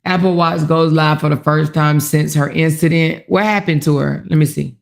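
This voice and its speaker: A woman's voice: deep voice, steady tone, moderate pace, vocal fry. A woman hosting a casual livestream commentary, chatty, laughing often and reading comments aloud. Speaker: commentary host.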